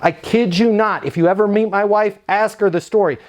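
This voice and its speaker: Speaking a little fast, an American man with a fairly high voice tells an energetic story in a casual, conversational style. He comes across as relaxed and animated, as if addressing a room full of salespeople.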